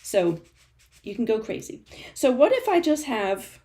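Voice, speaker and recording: A woman's voice: fairly high pitch, very animated, unhurried, warm tone, slight background noise. A woman running a live-stream art journaling class from a studio, chatty and encouraging, laughing often and answering viewer comments as she works. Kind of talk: live-stream crafting demo.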